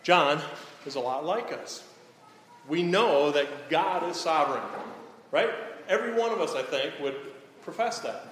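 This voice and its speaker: Male preacher, slightly high voice, echoey church hall, faint hiss. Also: expressive, unhurried, a bit bright. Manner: frequent "right?" tag questions to the congregation. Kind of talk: sermon. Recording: echoey hall, some background noise.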